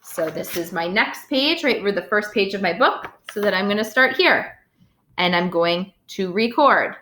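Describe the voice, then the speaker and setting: Woman teacher, tutorial voice-over, plain mid-pitched voice, patient step-by-step delivery. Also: animated, moderate pace, pushed and bright. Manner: step-by-step, checking in with "okay?". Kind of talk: screen-recorded software tutorial.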